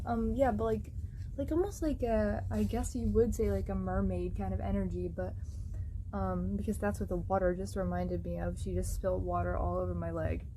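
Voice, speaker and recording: A woman with a mid-pitched voice chats casually and rambles. She halts, searches for words and laughs often. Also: fairly even intonation, moderate pace, warm tone, a little hiss or hum. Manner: rambling, full of fillers, laughing. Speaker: friend sharing a dream. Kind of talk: casual emotional chat.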